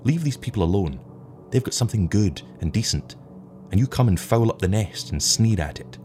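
A man's voice: sits low, lively intonation, normal speed, darkish tone, voice pushed up. Man playing an impassioned, defiant young crewman. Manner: earnest, passionate, defiant. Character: earnest, emotional young male crewman.

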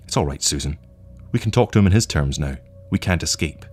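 A man voicing a young husband on the run, speaking in an earnest, quiet and resolute way. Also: a bass voice, expressive, fairly quick, breathy edge, soft background music, heavily acted. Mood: tense.

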